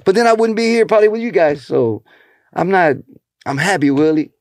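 A man's voice: animated, a little fast, a little mellow, dry recording. Storytelling man in a dry room. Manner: storytelling, acting out quotes with shifting pitch. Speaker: comedian. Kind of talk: casual chat.

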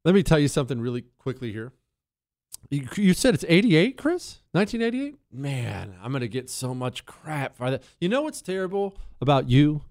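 A man's voice: on the high side, very animated, moderate pace, a little mellow, no room sound, studio quality. A man in his forties hosting a talk radio show, delivering a monologue with joking, self-mocking banter.

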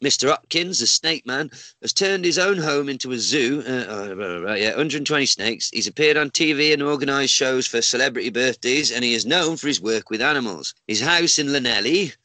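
A man's voice: mid-range voice, fairly quick, hardly any pauses, pushed and bright, no room sound, rough recording. A man co-hosting a casual podcast, reading out odd news stories with lots of swearing and laughter. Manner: sweary, laughs often, mocks the story as he reads. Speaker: podcast co-host.

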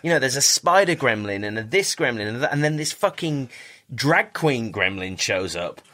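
A man's voice: mid-range voice, sing-song, moderate pace, pushed and bright. A man, a podcast guest, talking in a loose, chatty way, often restarting his sentences and swearing. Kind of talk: casual interview chat.

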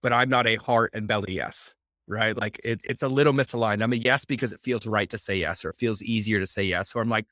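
A man's voice: fairly low pitch, fast, a bit bright, no echo, studio quality. A man hosting a casual podcast conversation, talking energetically and repeating words for emphasis. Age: adult, working professional. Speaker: podcast host.

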